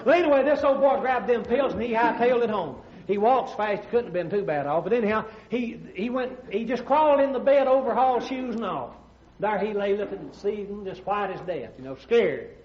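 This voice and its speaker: A man's voice: high voice, fairly quick. A man with an Alabama accent, a pastor telling folksy comic stories with drawling asides. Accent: Southern US, Alabama. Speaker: pastor and comedian. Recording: roomy, dull old comedy record.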